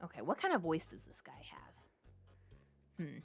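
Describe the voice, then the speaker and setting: A woman's voice: low-pitched, huge pitch swings, moderate pace, vocal fry, husky, faint music behind. A woman from Texas, chatting through a game for her viewers, jumpy and giggly. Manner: jumpy, giggly, talks to chat. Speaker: game streamer. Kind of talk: live game commentary.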